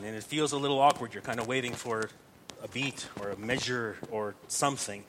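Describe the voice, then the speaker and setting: A man's voice: medium pitch, fairly bright tone, a little hiss or hum. A man teaching psalm chanting step by step, patient and explanatory, often checking that listeners follow.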